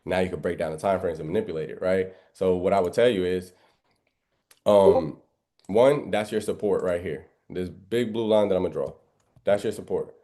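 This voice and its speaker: A man's voice: sits low, moderate pace, warm tone. A man teaching a live trading lesson in an emphatic, preachy way, firing off rhetorical questions and biblical references. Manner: emphatic, keeps asking "right?" and rhetorical questions. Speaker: trading instructor. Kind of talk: live trading lesson over screen share.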